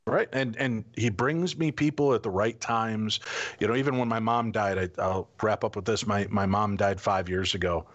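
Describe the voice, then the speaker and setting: A middle-aged man telling stories as a guest in a casual interview, animated and acting out the people in them. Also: fairly low pitch, moderate pace, lo-fi sound.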